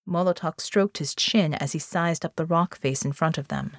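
A woman reading an adventure audiobook aloud, steady and even in her storytelling. Her voice sits on the low side for a woman, and the recording is dry and close, with no room sound. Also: moderate pace, hardly any pauses, no echo. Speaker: audiobook narrator. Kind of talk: scripted narration.

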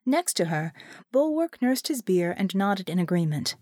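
Brief: woman narrator, lively pitch, dry close recording, storytelling. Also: normal speed, dry recording. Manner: expressive, storytelling. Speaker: audiobook narrator. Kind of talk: scripted narration.

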